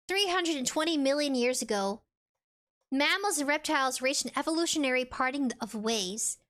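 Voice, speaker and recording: A woman's voice: sits high, fairly bright tone. A woman streamer chatting casually with viewers, reading out chat and game text in a playful, rambling way. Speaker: VTuber streamer.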